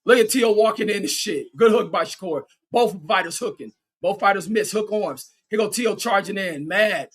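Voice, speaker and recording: High-voiced man calling a fight excitedly. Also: moderate pace, hardly any pauses, husky. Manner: excitable, profane, cheering on one fighter; reads viewer chat aloud. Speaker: livestream boxing commentator. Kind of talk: fan play-by-play commentary.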